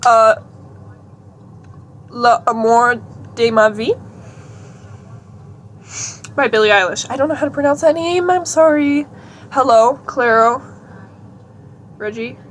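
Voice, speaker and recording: A woman's voice: on the high side, slow, long pauses, slight background noise. A young woman chatting casually in a vlog, giggly and talkative, reading items aloud. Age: young adult. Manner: chatty, giggly, reads out a list. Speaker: vlogger.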